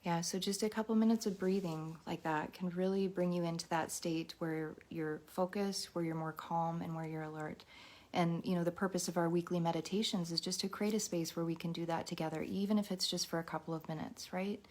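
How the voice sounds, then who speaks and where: A woman leading a live guided meditation and mindfulness talk, gentle and encouraging, speaking straight to her viewers. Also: on the low side, steady tone, fairly quick.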